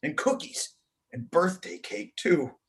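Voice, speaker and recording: A man doing a squealing excited young girl. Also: high-pitched, slow pace, creaky, voice pushed up, exaggerated voice. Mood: gushing.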